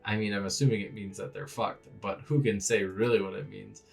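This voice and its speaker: A man hosting a casual manga reaction video; he is excitable, laughs often and swears freely. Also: on the low side, a little fast, creaky, husky, faint music behind.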